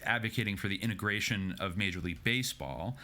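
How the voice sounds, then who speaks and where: A man co-hosting a history podcast in casual chat, retelling events with lively acted-out quotes. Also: fairly low pitch, fast talker. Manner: animated retelling, acts out quoted exchanges in raised voices. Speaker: podcast co-host.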